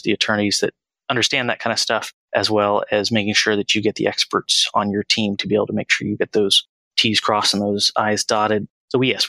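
A man in his thirties, a financial planner as podcast guest, speaking in an earnest, measured and reflective way. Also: lowish voice, pushed and bright, no echo, rough recording. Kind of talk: conversational interview.

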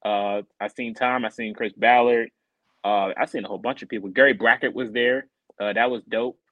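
Animated man telling a story, dry mic. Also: moderate pace, no echo, phone-quality sound. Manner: animated, acts out quoted people in higher voices. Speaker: podcast co-host. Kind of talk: casual podcast storytelling.

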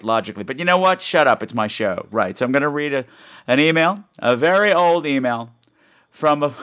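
A male podcast host talking casually and rambling, with jokey self-mocking asides. His pitch sits in an ordinary middle range but swings widely as he goes. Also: fairly bright tone. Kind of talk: casual solo podcast chat, reading listener emails.

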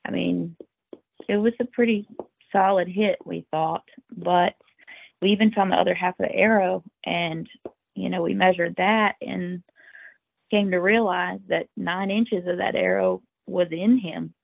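A woman's voice: on the low side, fairly even intonation, a little slow, creaky, no echo. A woman guest on a podcast, telling a story in the first person in an earnest, emotional way, with tumbling restarts. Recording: tinny phone-like line, dry.

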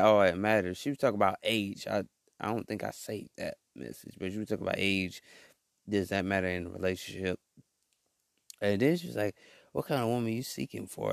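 A young man casually telling viewers a rambling story about a chat, reading messages aloud and breaking into loud outbursts. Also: lowish voice, no room sound, studio quality. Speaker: host.

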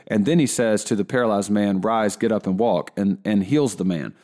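A man giving a relaxed Bible lesson in a conversational way, often restarting his sentences. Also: fairly low pitch, moderate pace. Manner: conversational, with frequent restarts and fillers. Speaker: Bible teacher.

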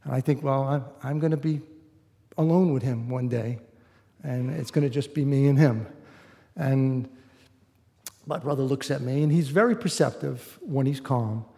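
A man's voice: medium pitch, normal speed, vocal fry, pauses often, dark tone. Man telling a story in an echoing hall. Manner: conversational, full of "you know" asides. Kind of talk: live personal storytelling. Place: stage in a large hall before an audience. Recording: roomy hall reverb.

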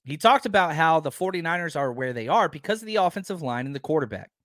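A man with a slightly raised pitch hosts a casual sports podcast, arguing point after point with emphatic energy. His voice is a touch hoarse from a long day of talking. The sound is dry and close to the mic. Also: fast talker, dry recording. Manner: animated, emphatic, argumentative. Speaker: podcast host.

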